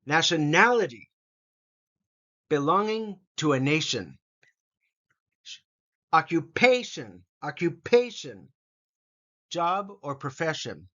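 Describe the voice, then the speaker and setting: Slow, deliberate male English teacher. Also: a little high, sharp tone, muffled recording. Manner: slow, deliberate, repeating each word. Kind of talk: vocabulary pronunciation lesson.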